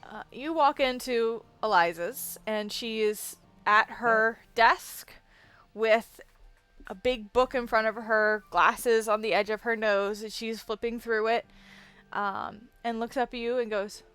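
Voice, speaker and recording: A woman narrating a tabletop game as game master, describing scenes in a lively way. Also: fairly high pitch, takes it slowly, clear, resonant tone, faint music behind.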